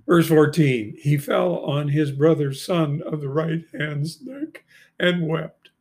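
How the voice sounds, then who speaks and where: A man in his seventies reading scripture aloud slowly and deliberately, adding brief asides of commentary. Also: on the high side, darkish tone. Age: 70s. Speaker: Bible reader and commentator.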